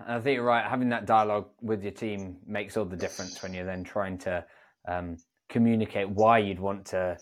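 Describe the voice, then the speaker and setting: Male podcast host, low-ish voice, relaxed, supportive. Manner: relaxed, affirming interjections. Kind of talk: casual interview talk.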